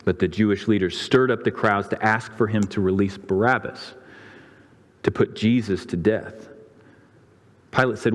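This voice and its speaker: A man's voice: moderate pace, long pauses. A man preaching a sermon, retelling the scripture story with dramatic flair and voicing the crowds. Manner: dramatic storytelling, voicing the crowds' and priests' lines with rising pitch. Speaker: pastor. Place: church sanctuary. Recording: long reverb of a church hall.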